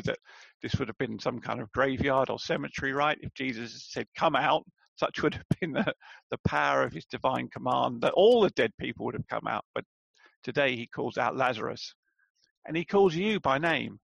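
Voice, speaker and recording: A man's voice: medium pitch, gravelly, fairly bright tone, no room sound, dull audio. A man preaching a sermon in a conversational way, asking rhetorical questions and calling his listeners friends.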